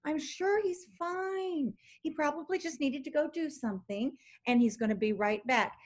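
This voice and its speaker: A woman's voice: sits high, moderate pace. A woman puppeteer who talks in a soothing, reassuring way in a children's puppet show.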